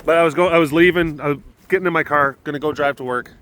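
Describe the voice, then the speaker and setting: A man's voice: on the high side, fast talker. Chatty man on a cold outdoor walk. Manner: chatty, rambling, talks softly to the big cats. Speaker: animal caretaker and vlogger. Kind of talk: casual walking vlog. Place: outdoors at an animal facility in cold weather.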